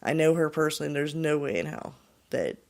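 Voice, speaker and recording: Man, podcast host, gravelly, slightly high voice, rambling casual storytelling. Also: lively intonation, fast talker. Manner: rambling, filler-heavy retelling. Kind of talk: casual storytelling of paranormal accounts.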